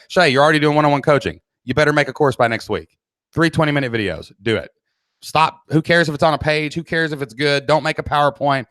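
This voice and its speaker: Here a middle-aged man with a Southern accent, medium-pitched, leads an online business class on a live stream. Blunt and pushy, he reads chat questions and fires up his viewers to get moving in an energetic pep talk. The recording, made on a cheap desk mic at a laptop, has no echo and is studio quality.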